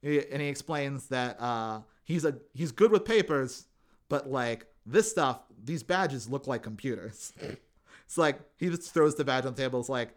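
Male podcast co-host, casual recapper, animated storyteller who voices quotes. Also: mid-range voice, moderate pace. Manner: animated retelling, acts out quotes in funny voices. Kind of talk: casual chat.

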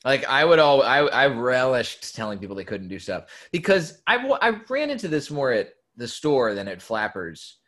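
A young man who worked at comedy clubs, telling stories in casual chat, animated and swearing freely. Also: medium pitch, normal speed, few pauses. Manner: animated storyteller, swears freely, quotes people in lively bursts. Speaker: former comedy club staffer.

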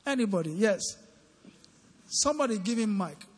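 A man's voice: high voice, lively intonation, normal speed, breathy edge. A man preaching an interactive midweek sermon into a microphone, often asking the congregation questions and waiting for their answers. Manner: questioning the congregation, call-and-response. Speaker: preacher leading a midweek Bible study. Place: large church hall. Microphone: handheld microphone. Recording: long church-hall reverb.

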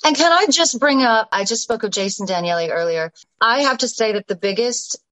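A woman's voice: on the high side, expressive, brisk, a bit bright, dry recording, poor audio. A stage actress as an interview guest, chatting effusively and often restarting her phrases. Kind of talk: casual interview chat.

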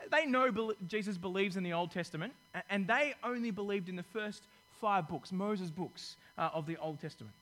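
High-voiced lively male preacher. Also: low-quality recording. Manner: lively, conversational preaching with corny jokes. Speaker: pastor. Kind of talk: sermon.

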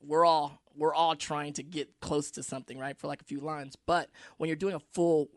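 A man's voice: fairly high pitch, flat delivery, moderate pace, no echo, studio quality. A man, an actor, talking earnestly in a casual podcast chat, thinking aloud with restarts. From United States. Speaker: actor guest.

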